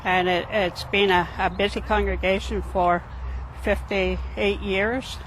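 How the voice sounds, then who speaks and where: High-voiced man giving halting testimony. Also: little pitch movement, a bit bright, a little hiss or hum, rough recording. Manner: plain, halting, with restarts. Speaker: longtime church member. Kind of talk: personal testimony.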